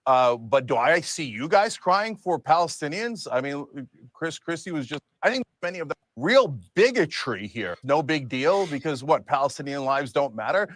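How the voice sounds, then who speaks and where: A man's voice: fairly high pitch, very animated, moderate pace, a bit bright, no room sound. A man arguing heatedly in a televised debate, rhetorical and emphatic. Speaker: debate guest in a TV interview clip. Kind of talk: impassioned political argument.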